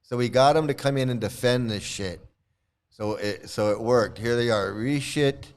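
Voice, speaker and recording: A man's voice: mid-range voice, normal speed, smooth. A man on a live stream reading quotes aloud and commenting on them with scorn, sometimes bursting out in anger and swearing. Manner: angry outbursts with swearing.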